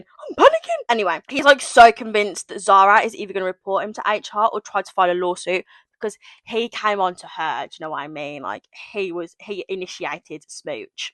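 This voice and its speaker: Casual book reviewer, twenties, rambling and giggly, dry close mic. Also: female voice, mid-range voice, fairly bright tone, dry recording. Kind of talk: casual book review reading excerpts aloud.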